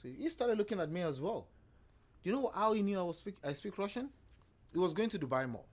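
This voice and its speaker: Animated man telling a story. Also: high-pitched, fast. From Nigeria. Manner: animated, acts out other people's lines in quoted voices. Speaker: podcast guest, real estate agent. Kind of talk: casual storytelling conversation.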